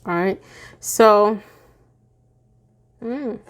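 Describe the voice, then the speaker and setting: A woman tarot reader gives her viewers a casual reading, chatty and goofy, laughing often yet sounding tired. Her voice is medium-pitched and she draws out her words.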